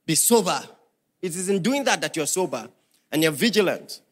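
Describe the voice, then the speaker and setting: A man's voice: on the high side, very animated, normal speed. A man preaching a sermon as pastor, emphatic and firing questions at the congregation.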